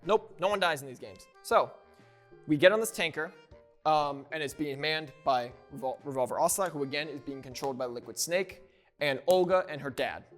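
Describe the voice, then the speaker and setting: Rambling, higher-voiced man recapping game lore. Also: fairly quick, faint music behind. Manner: rambling, self-correcting, loose and joking. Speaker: YouTuber.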